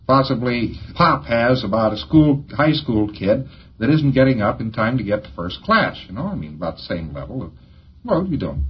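A man delivers a loose, rambling lecture with a medium-pitched voice. He chuckles at his own jokes as he goes. The old tape sounds dull, with a faint hiss underneath. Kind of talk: informal recorded lecture.

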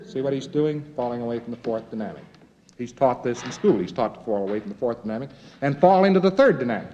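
A man's voice: mid-range voice, lively intonation, fast talker, warm tone, highs cut off, a little hiss or hum. Male American lecturer with a folksy, wry delivery and a mid-range voice. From United States. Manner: folksy and wry, with jokey asides.

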